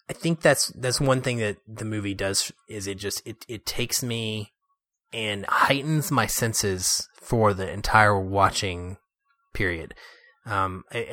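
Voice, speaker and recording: A man co-hosting a casual movie discussion, animated and laughing often as he acts out quotes. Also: medium pitch, no room sound, studio quality. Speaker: podcast co-host.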